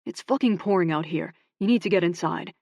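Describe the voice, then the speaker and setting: A woman narrator voicing a blunt, possessive young man with loud, clipped delivery. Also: lowish voice, brisk, gravelly, dry recording, studio quality. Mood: heated.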